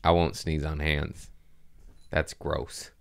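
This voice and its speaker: Podcast host, man, low and smooth voice, loose rambling storyteller. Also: flat delivery, slow pace. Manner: rambling, laid-back, swears. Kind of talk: casual storytelling chat.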